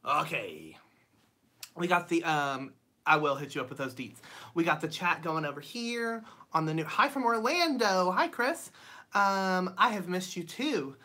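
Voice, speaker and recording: Lady livestreaming from her home studio, reading comments, bright voice, lots of ums. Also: fairly low pitch, animated, measured pace. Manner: chatty, reads viewer comments aloud; frequent ums and bright laughs. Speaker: channel host. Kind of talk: casual livestream chat.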